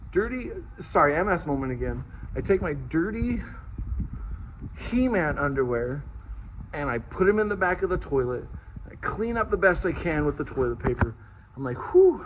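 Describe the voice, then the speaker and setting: Man in his forties from Liverpool, slightly raised pitch, lively self-mocking storyteller who swears casually, faint hiss underneath. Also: low-quality recording. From Liverpool, England. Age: 40s. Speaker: vlogger telling a childhood story.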